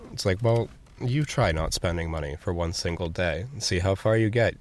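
A young man who works as a store cashier speaks in a low voice during an interview. He talks candidly and haltingly, earnest and at times emotional.

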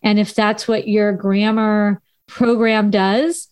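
A Southern Californian woman speaks in a medium-pitched voice, frank and teacherly as she pushes back on questions. The sound is dry and close, with no room around it. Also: level tone, slow pace, darkish tone, clean tone, no echo. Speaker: podcast co-host, former high school English teacher. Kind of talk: casual chat.

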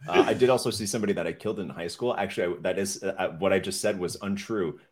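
Deep-voiced man. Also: fairly even intonation, rapid-fire, a little hiss or hum. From Canada. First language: French. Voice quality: deep, radio-like voice. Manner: rambling, self-deprecating storyteller with many fillers. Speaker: podcast guest. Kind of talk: casual chat.

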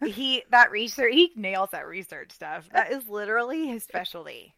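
Southern woman co-host in her forties, lively storyteller, bright crisp voice, dry close sound. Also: mid-range voice, normal speed, no room sound. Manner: animated storytelling, acts out quotes. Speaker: podcast co-host. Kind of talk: casual chat.

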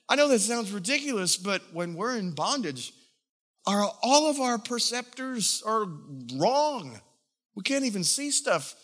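Bright-voiced, animated male pastor. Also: sits high. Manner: emotional, animated storytelling. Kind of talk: sermon with personal testimony.

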